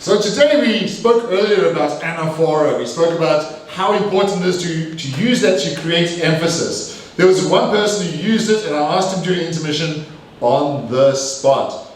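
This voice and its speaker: A man's voice: on the high side, moderate pace. Man giving a speech evaluation, echoey room. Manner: energetic, repeats phrases for emphasis, self-correcting. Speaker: language evaluator at a speaking club. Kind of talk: live speech evaluation to an audience. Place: meeting room with audience. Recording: echoey room, mic far off.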